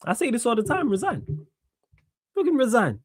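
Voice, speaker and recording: A man's voice: extremely high pitch, huge pitch swings, normal speed, husky, dry recording, studio quality. A young man hosting a solo sports live stream, blunt and sarcastic, hammering his points with repetition and swearing. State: tired. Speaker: streamer host.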